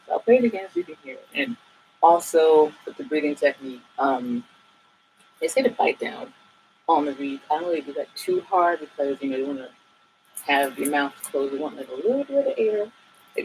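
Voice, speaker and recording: A woman teaching saxophone in a relaxed, chatty way, with many fillers and asides. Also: deep voice, brisk, a little hiss or hum, poor audio. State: a bit out of breath at times. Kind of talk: casual tutorial talk.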